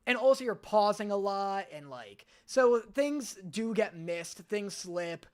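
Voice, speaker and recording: A man's voice: sits high, expressive, slow pace, clear, resonant tone. A man rambling casually to his stream audience as a reaction host. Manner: rambling, self-deprecating, restarts often.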